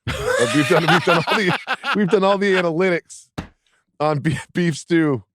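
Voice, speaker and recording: A man's voice: fairly high pitch, moderate pace, a bit bright, slight background noise. A man co-hosting a sports podcast, talking casually with jokes and self-deprecating laughs. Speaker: podcast co-host.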